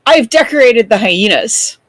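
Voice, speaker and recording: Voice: mid-range voice, expressive, unhurried, fairly bright tone, no room sound, voice pushed up. A player voicing a cheerful, doting female kobold druid who gushes and fusses sweetly. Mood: bubbly. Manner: gushing, fussing sweetly.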